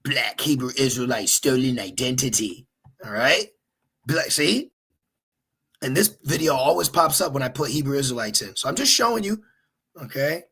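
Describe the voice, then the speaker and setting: Man, gravelly and husky, a religious teacher who gets animated and keeps checking in with his listeners. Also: mid-range voice, moderate pace. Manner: animated, exhorting, repeats "okay?". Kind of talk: informal teaching while searching online.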